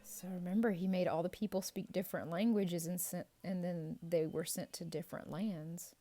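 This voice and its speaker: A woman's voice: fairly low pitch, soft background music. A woman leading a playful Bible quiz for children, drawing out each answer and cheering the kids on. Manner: playful, animated and encouraging, drawn-out answer reveals. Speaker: children's ministry teacher.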